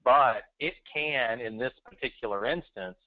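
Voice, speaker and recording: A man's voice: mid-range voice, unhurried. A man co-hosting a webinar, speaking hesitantly with many fillers. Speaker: webinar co-host. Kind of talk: webinar talk. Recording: tinny phone-line audio.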